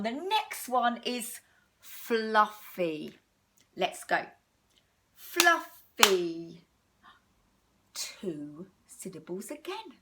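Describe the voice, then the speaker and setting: An English woman teacher talks young children through a recorded phonics lesson. She speaks very slowly in a sing-song, encouraging way and draws words out. Her voice sits at an ordinary middle pitch. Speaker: primary school teacher.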